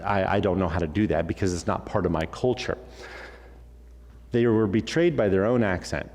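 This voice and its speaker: A man preaching a sermon as pastor. He talks in an animated way, acts out bits of dialogue and throws in jokey asides. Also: sits low, moderate pace, in a large hall. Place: church sanctuary.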